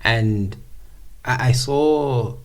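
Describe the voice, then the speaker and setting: A young man co-hosting a podcast, in casual chat, thinking aloud with halting restarts. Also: mid-range voice. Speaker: podcast co-host.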